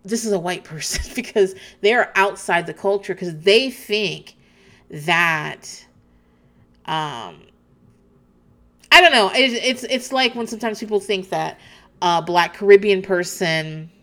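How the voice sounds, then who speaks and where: This is an animated woman recapping a TV show in casual, candid chat. She restarts her sentences often and breaks into laughs along the way. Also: medium pitch, slow.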